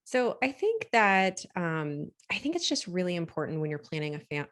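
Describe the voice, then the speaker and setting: A woman with a notably low voice speaks as a podcast guest, earnest and measured. She talks things through steadily, sprinkling in "um" and "you know" as she goes. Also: big pitch swings. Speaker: litigation attorney, podcast guest. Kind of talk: casual panel discussion.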